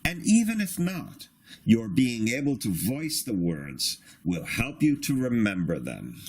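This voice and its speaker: Guy teaching a reading lesson, slow and patient, lots of ups and downs in his voice. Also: lowish voice. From Australia. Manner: patient, instructive, drawn-out syllables.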